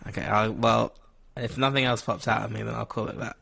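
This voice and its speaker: A man's voice: lowish voice, steady tone, a little fast, vocal fry, pushed and bright, husky. A young man co-hosting a podcast, chatting casually in a rambling, self-deprecating way and laughing often. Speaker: podcast co-host. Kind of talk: casual chat.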